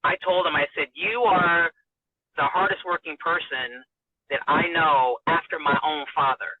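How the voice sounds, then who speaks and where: A woman broadcaster with a husky, slightly breathy voice tells a personal story in a sit-down interview, emotional and animated. Her voice comes through a narrow, phone-like band in a very dry recording with no room sound. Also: low-pitched, normal speed, no room sound. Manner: animated, acts out quoted dialogue; warm and emotional, laughs often. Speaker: radio and TV broadcaster, interview guest.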